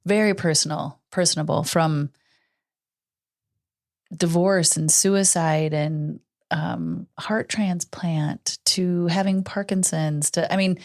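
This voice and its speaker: A middle-aged woman co-hosts a podcast in relaxed, casual conversation. Her voice sits a little low, and she tells her stories earnestly, often acting out the lines of what was said. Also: slow pace. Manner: earnest storytelling, acts out quoted dialogue. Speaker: podcast co-host. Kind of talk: casual chat.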